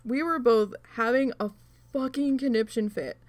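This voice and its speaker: A woman hosts her own channel and tells a long story in a relaxed, chatty way. Her voice sits a little high. She is animated and swears constantly as she talks. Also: moderate pace, dry recording. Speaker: channel host. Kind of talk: casual storytelling while crafting.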